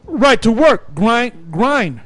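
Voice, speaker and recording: A man leading a Bible study, preaching in an animated, emphatic way and laughing between points. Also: very high voice, takes it slowly, no echo. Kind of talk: fiery preaching commentary.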